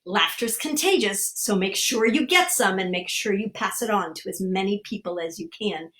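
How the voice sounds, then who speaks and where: A woman's voice: mid-range voice, animated, normal speed, fairly bright tone. An older woman leading a guided online laughter exercise, cheerfully coaching listeners through each step. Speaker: laughter instructor.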